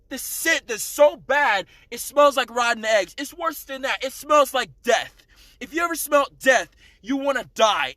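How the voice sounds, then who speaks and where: A man's voice: very high-pitched, pushed and bright, dry recording. A man telling a personal testimony to the camera in an intense, emphatic way, often checking in with "okay?". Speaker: vlogger.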